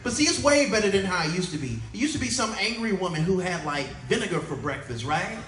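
A man's voice: high-pitched, sing-song, fast talker, fairly bright tone. A middle-aged man performing a clean stand-up comedy set at a conference, doing playful crowd work and acting out voices. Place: conference hall with a live audience. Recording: echoey hall, voice from far off, crowd audible.

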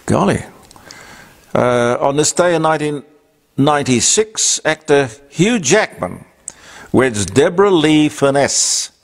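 Gravelly older man hosting chatty radio. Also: fairly high pitch, lively intonation, takes it slowly. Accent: Australian. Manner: chatty, rambling asides with fillers. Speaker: radio talk host. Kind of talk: casual on-this-day segment.

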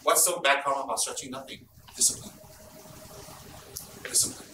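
Animated, teasing man in a roomy hall. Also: medium pitch, moderate pace. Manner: animated storytelling, blunt and teasing. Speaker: Buddhist teacher. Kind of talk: informal dharma talk. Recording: roomy, distant mic, background noise.

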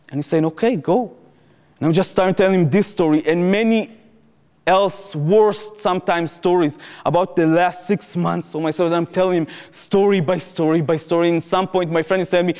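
A man's voice: high-pitched, fairly quick, darkish tone. A young man with an Israeli accent, giving a talk to an audience and telling a first-person story vividly in the present tense. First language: Hebrew. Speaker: speaker at a public talk. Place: lecture hall before an audience. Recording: reverberant hall.

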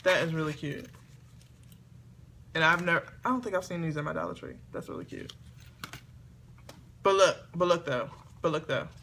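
A woman chatting excitedly to camera as she opens gifts, talking to her viewers at home. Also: sits low, a little fast, a little hiss or hum. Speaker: beauty vlogger. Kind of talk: casual unboxing chat to camera. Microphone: camera on a tripod.

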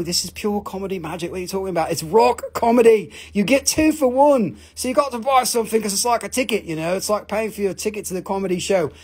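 Speaking in a slightly rough, mid-range voice, a host sells rocks and minerals on an informal live stream from a family-run rock shop. The delivery is rambling, jokey, and peppered with profanity.

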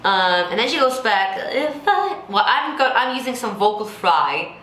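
A woman vocal coach with a low contralto voice, explaining technique and breaking into sung examples. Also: very animated, a little slow, pushed and bright, a little hiss or hum. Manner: explains then sings example lines. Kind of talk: singing tutorial with sung demonstrations. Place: Singapore. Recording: echoey room with faint music.

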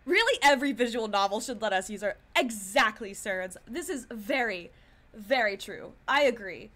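Giggly woman streamer, lively voice. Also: on the high side, moderate pace. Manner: playful, giggly, chatty commentary. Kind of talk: playing a visual novel and reading its lines aloud.

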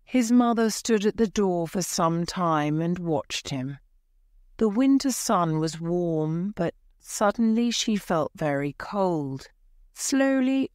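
A woman reads a graded storybook aloud in a slow, careful, clear way. Her voice is on the low side and the recording is close and dry. Every word comes out steady and unhurried. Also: no echo. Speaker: narrator. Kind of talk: scripted storybook narration for learners.

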